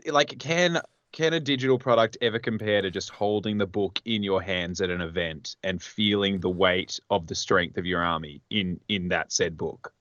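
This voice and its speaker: A man's voice: lowish voice, dry recording. Guy joking around in a chat, dull lo-fi mic. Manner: joking, animated teasing. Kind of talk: casual group chat.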